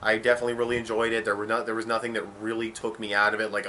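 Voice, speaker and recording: A man's voice: lowish voice, monotone, rapid-fire, bright, forceful tone, slight background noise. A young man giving a casual, rambling and opinionated spoken review, swearing offhandedly. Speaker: anime reviewer.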